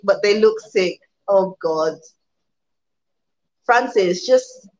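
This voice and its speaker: A woman with a British accent chatting casually on a live stream, answering viewer comments, rambling with many restarts and sounding worn out. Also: medium pitch. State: tired, worn out. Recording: dull lo-fi sound.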